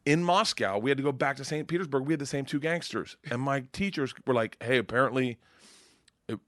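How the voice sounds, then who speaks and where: A male comedian guest telling a profane, animated story on a podcast, laughing as he goes. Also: medium pitch, quick pace, no room sound, studio quality.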